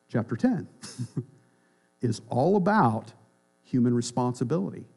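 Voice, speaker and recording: A pastor preaching a sermon in a church, emphatic, swinging between loud declarations and quiet, dropped phrases. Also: male voice, very animated, a little slow, vocal fry, long pauses, slightly rough. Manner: emphatic, rises and drops sharply in pitch and volume.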